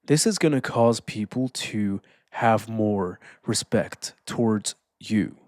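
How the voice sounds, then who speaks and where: A man giving a casual motivational talk, calm and deliberate, slowing down to stress points and often saying "man". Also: on the low side, dry recording, clean studio sound. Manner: calm, deliberate, slows down for emphasis. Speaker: self-improvement speaker.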